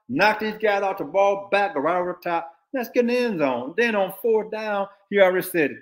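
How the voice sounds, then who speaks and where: An older man from Texas talks football as a guest analyst, in a fairly high voice. He is blunt and emphatic and hammers his points home by repeating them, in an easy, casual way. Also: animated, brisk, hardly any pauses. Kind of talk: animated casual football talk.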